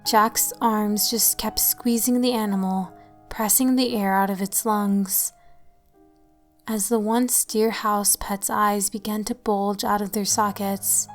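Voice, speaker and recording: A woman reading a horror story aloud in a steady, even manner. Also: mid-range voice. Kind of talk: scripted horror narration. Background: faint music.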